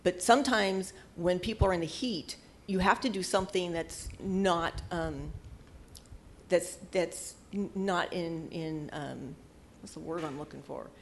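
A woman's voice: fairly low pitch, measured pace, a little hiss or hum. An older woman giving casual marriage advice in an earnest, conversational way, at times searching for words. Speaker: marriage teacher.

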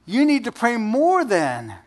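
High-voiced man preaching casually. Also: huge pitch swings, unhurried. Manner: conversational, joking, asks the audience questions. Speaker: pastor. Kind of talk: sermon.

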